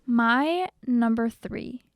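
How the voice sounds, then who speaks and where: A woman's voice: on the high side, extremely slow, dry recording, clean studio sound. A young woman co-hosting a podcast, chatting casually and gushing enthusiastically about movies she loved. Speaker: podcast co-host. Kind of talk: casual chat.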